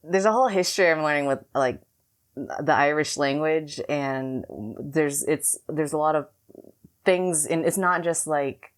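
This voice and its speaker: A young Californian woman co-hosting a podcast tells a long, rambling story in casual chat, full of fillers. Her voice is low and she takes her time.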